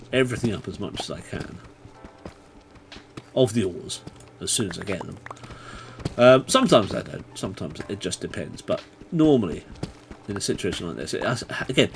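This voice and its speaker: A man chatting through a live game stream, bursting into excited taunting yells now and then. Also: on the low side, vocal fry, a little hiss or hum. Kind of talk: live gaming stream commentary.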